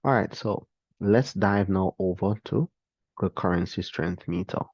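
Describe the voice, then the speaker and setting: Deep-voiced man teaching trading. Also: unhurried, husky, no echo, highs cut off. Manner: relaxed, explanatory, addresses viewers directly. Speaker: trading instructor. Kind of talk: screen-share trading lesson.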